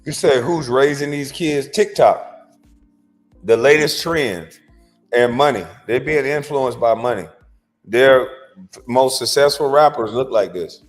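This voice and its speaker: A man delivers a blunt opinion monologue at a mid-range pitch, lecturing with emphatic, slangy speech. Faint music plays underneath. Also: unhurried. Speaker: commentary host.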